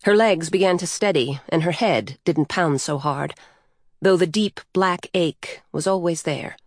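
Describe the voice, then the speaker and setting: A woman narrating a story aloud in a calm, even storytelling manner. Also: lowish voice, unhurried, no room sound, clean studio sound.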